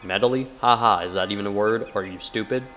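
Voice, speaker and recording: A man's voice: on the low side, fast talker, sharp tone, slight background noise, poor audio. A man giving casual, sarcastic gameplay commentary, swearing a lot and reading game text aloud. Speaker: gamer.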